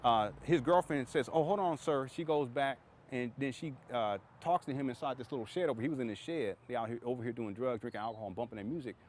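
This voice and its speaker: Rambling, fast-talking man vlogging outdoors. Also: mid-range voice, a little hiss or hum. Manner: rambling, repeats himself, conversational. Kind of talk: storytelling vlog.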